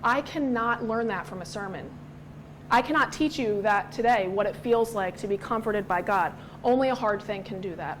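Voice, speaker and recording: Woman Bible study teacher, earnest and personal, fairly high voice, faint background hiss. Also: poor audio.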